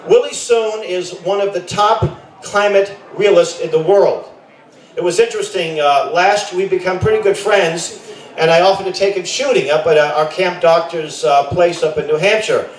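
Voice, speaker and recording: A middle-aged man, a camp director, gives an informal rally speech. He rambles, corrects himself often and adds joking asides. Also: sits high. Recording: echoey, voice from a distance.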